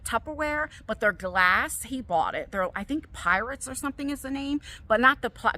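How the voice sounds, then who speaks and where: A middle-aged woman telling a personal story while walking outdoors, chatty and animated, acting out what others said. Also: medium pitch. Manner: chatty, animated, quotes people in raised voices. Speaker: vlogger. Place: outdoors on a walk. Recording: faint outdoor background noise.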